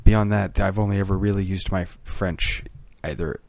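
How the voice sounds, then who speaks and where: Deep voiced guy telling funny stories on a podcast, laughs at himself, dry close sound. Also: steady tone, normal speed, gravelly, a little mellow, no room sound. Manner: wry, laughs at his own stories. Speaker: podcast co-host. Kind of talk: casual chat.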